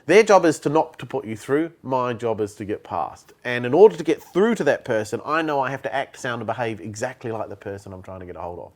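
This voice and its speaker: A sales trainer talks bluntly in a conversational interview and acts out phone calls. His mid-range voice is expressive and fast, with few pauses.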